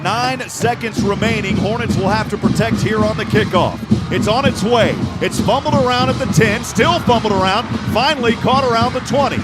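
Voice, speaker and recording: A man with a high voice calls a live football game play by play, his voice jumping into excited shouts on big moments. Music plays clearly behind his commentary. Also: normal speed, few pauses. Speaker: play-by-play announcer.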